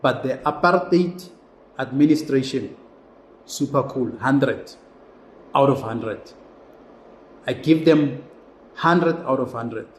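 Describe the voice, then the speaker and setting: A man's voice: medium pitch, slow pace, pauses often, a little hiss or hum. South african guy ranting on his podcast, fired up, roomy echo. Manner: impassioned, ranting, repetitive. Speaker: podcast host. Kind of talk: casual political commentary monologue.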